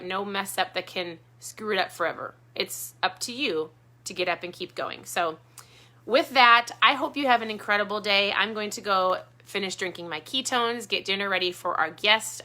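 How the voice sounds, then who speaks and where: Bright-voiced woman giving a pep talk. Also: mid-range voice. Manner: earnest, encouraging, repeats points. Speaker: keto vlogger. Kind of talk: motivational talk to viewers.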